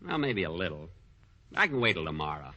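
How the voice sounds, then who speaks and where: A middle-aged man hosting a 1940s radio comedy, playing a vain, easily exasperated version of himself with sharp comic timing. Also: deep voice, very animated, a little fast, highs cut off. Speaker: comedian host. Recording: noisy 1940s radio broadcast.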